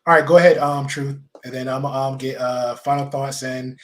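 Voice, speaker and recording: A man's voice: medium pitch, fairly even intonation, moderate pace, fairly bright tone, rough recording. A man hosting a live panel discussion, talking loosely with many ums and restarts. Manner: loose, hesitant, lots of ums. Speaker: host.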